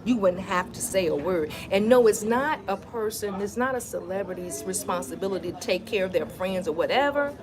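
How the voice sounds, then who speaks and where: A woman's voice: mid-range voice, animated, a little fast, hardly any pauses. A woman vlogger chatting casually on a live stream, talking straight to her viewers in an emphatic, conversational way. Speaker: wellness vlogger.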